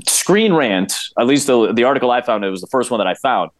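A man's voice: mid-range voice, expressive, no echo. Chatty man with a dry, close sound. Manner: enthusiastic, many quick restarts. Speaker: podcast guest, play-by-play broadcaster. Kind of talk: casual chat.

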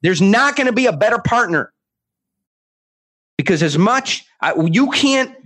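A man speaking as a guest author in an interview, emphatic and animated, acting out quotes with many restarts. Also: very high-pitched, measured pace.

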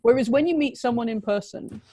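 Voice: mid-range voice, a little fast, warm tone, no echo. Direct voice giving business advice, dry sound. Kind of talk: casual business chat.

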